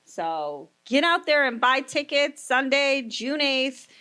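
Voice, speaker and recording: A woman's voice: sits high, big pitch swings, takes it slowly, pushed and bright. A woman in her thirties hosting a podcast, chatting casually and telling profane stories, often acting out the quoted lines. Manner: loose, profane storytelling with acted-out quotes. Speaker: podcast host. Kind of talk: casual chat.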